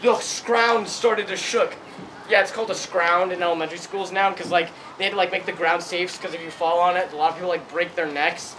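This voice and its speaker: A young man rambling through an improvised comedic story, giggling and breaking into loud put-on quotes. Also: high voice, fairly even intonation, brisk, poor audio. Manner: giggly, rambling, full of fillers, voices shouted quotes. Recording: clear background noise.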